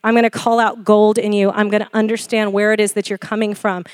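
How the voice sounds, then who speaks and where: A woman in her forties preaching a sermon, animated and laughing often as she questions the congregation. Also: mid-range voice, fairly quick, clear, resonant tone, no echo, clean studio sound. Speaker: pastor.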